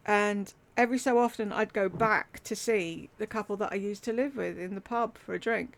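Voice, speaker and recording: Middle-aged woman, raspy edge, medium pitch, candid and wry storytelling. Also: moderate pace, slight background noise. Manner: candid, wry, swears casually. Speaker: YouTuber telling a life story. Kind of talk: casual personal storytelling. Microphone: desktop USB mic.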